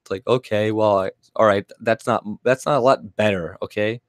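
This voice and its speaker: A man's voice: lowish voice, fairly even intonation, normal speed, no echo, studio quality. A man from Canada ranting angrily on his channel, rambling and swearing with many fillers and restarts. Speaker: vlogger. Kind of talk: profane ranting monologue.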